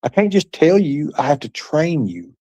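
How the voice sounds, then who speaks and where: Reading chat comments on his livestream, this man rambles and taunts, mixing in profanity and muttered asides. He sounds a little high, very animated and a little mellow at a moderate pace, and the audio has its highs cut off.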